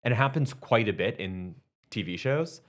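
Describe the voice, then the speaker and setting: A man from Canada co-hosting a podcast, chatting casually and gushing with quick asides. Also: fairly low pitch, lively intonation. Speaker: podcast co-host. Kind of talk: casual chat.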